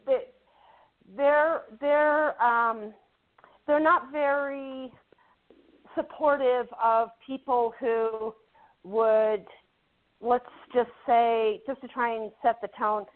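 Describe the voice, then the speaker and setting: A woman's voice: fairly high pitch, steady tone, extremely slow, pauses often. A woman guest actress telling a story in a casual interview, chatty and repeating words as she builds it up. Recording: phone-like narrow band.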